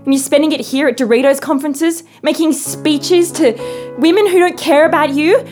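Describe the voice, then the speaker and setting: A woman's voice: sits high, normal speed, darkish tone, faint music behind, natural voice. A woman playing a hurt, indignant daughter confronting her father in a comedy sketch. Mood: earnest. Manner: accusing, earnest.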